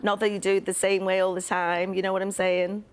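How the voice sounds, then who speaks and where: A woman dialect coach talking as a guest in a live TV interview, lively and animated as she explains. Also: medium pitch, fairly quick, clean tone. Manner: lively, animated, breaks into demonstrations. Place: TV studio.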